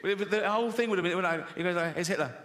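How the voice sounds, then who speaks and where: Stand-up comic, man, sardonic and crude, bright and slightly raised voice. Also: high voice, quick pace, a little hiss or hum. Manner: sardonic, crude, breaks into laughter. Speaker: comedian. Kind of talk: stand-up comedy. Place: live stage before an audience.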